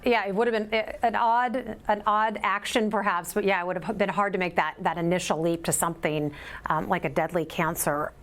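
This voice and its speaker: A woman hosting an interview, asking gentle, probing questions with frequent fillers. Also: mid-range voice, steady tone, brisk. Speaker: host.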